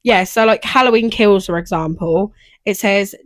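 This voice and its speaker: The voice belongs to a young female podcast co-host speaking in a mid-range voice at a moderate pace. She chats casually and rambles, using many fillers, and there's no echo.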